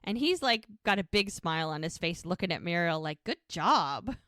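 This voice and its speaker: A woman's voice: on the low side, animated, brisk, fairly bright tone, smooth, dry recording, clean studio sound. A woman co-hosting a podcast, casually retelling scenes and quoting the characters as she goes. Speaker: podcast co-host. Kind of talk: casual recap chat.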